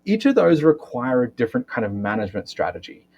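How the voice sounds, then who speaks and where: In this podcast interview, a male physiotherapist who teaches breathwork talks fast in a mid-range voice, and the audio sounds dull. He explains with animation, frequently ending points with a tag question like "right?".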